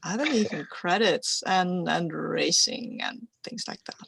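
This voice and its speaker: A woman playing her character in a tabletop game, halting and casual, a little apologetic. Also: fairly low pitch, creaky, fairly bright tone. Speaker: player. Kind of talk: in-character tabletop role-play.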